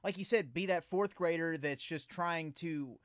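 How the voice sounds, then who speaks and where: Male podcast host, thirties, high voice, earnest, dry close sound. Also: measured pace, clean tone, no room sound. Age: 30s. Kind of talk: casual podcast chat.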